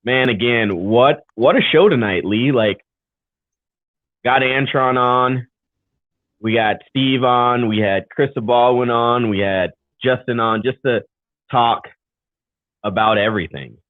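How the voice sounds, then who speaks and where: A man co-hosting a live show in a loose, rambling way, mid-pitched and easygoing. The audio is thin and phone-like, with a dry, close sound and no room around it. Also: takes it slowly, pauses often, no room sound. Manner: loose, rambling, upbeat sign-offs. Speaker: talk show co-host. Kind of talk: casual live show chat. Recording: tinny phone-like call audio.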